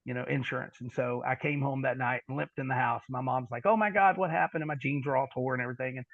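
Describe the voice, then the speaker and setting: A middle-aged man telling a long personal story on a podcast, halting and repeating words, then dropping into quiet asides. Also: mid-range voice, flat delivery, no echo, lo-fi sound. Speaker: podcast guest. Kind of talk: storytelling in conversation.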